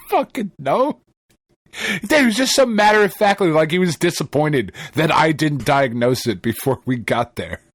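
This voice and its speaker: A man with a fairly high voice tells a story on a podcast he co-hosts, speaking at normal speed with few pauses. The recording is dry, and his casual storytelling is lively, profane and full of laughter.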